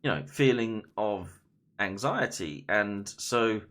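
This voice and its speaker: A man streaming a game while casually retelling a scary story, halting and full of fillers and restarts. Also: fairly low pitch, animated, a bit bright.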